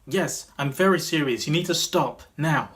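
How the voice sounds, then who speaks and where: A stern old restaurant manager, put on by a man telling a story, who is angry and loud and keeps insisting. His voice sits higher than the storyteller's own and pushes hard. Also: normal speed, close to an everyday voice. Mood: angry, insistent.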